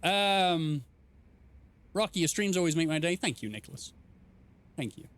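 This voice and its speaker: A man's voice: fairly high pitch, expressive, normal speed, a bit bright, clean tone, no echo. Playful man streaming a game. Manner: playful, rambling, reads chat aloud. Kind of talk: casual live-stream commentary.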